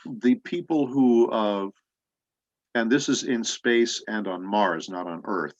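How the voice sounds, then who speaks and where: Middle-aged male voice actor, low voice, rambling storyteller, dull lo-fi audio. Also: no echo. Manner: rambling anecdotes with many pauses. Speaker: voice actor guest. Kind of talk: casual interview storytelling.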